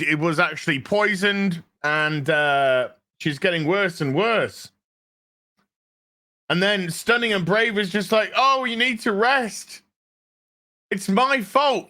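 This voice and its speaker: A man reviews a show in a sarcastic, profane rant. He speaks slowly, but his pitch swings a lot, and his tone is bright and forceful. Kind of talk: ranting review vlog.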